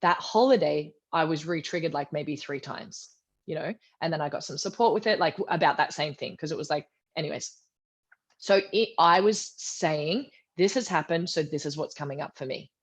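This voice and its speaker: A woman with a lowish voice tells a personal story in a relaxed podcast conversation. She acts out the people she quotes and often sinks into a soft, hushed delivery. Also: normal speed. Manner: animated retelling, acting out quoted voices, drops to a soft low voice. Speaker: guest. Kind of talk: candid storytelling in a podcast interview.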